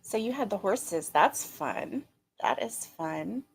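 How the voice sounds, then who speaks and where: Slow-talking chatty woman live-streaming. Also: medium pitch, lively intonation, husky. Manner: greets viewers by name, chatty, laughs often. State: slightly strained throat. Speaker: livestream host. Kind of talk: casual live-stream chat.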